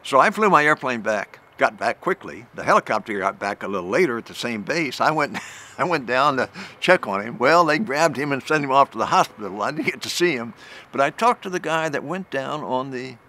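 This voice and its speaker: An older man, a retired general, giving a recorded talk and telling a vivid story, restarting phrases as he goes and rising in pitch at the tense moments. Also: animated, fairly quick, bright, forceful tone.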